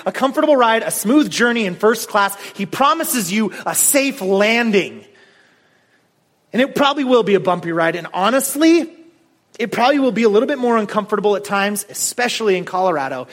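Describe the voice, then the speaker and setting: A male pastor delivering a sermon with a notably high voice, swinging between punchy emphasis and easy, chatty asides. He talks straight to the congregation, peppering his points with casual fillers. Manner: emphatic, conversational, many "like"s; addresses listeners directly.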